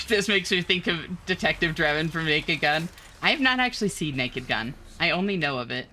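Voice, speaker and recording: A woman's voice: low voice, lively intonation, normal speed, bright, forceful tone, a little hiss or hum. A woman streaming a game live, chatting and laughing as she thanks and answers chat.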